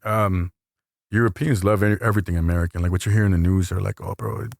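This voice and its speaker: A man in a podcast interview rattles through his stories at a fast clip in loose slang. His voice sits low and gravelly, with lively asides and quoted voices. The sound is dry and close to the mic. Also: dry recording. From El Salvador. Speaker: tattoo artist guest. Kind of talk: casual storytelling interview.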